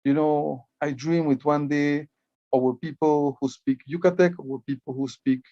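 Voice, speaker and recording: A man's voice: fairly high pitch, fairly even intonation, measured pace, mellow, no room sound, lo-fi sound. A man from Belize, giving an explanatory conference talk as a Maya writing educator, often repeating words as he starts a phrase. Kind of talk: conference presentation.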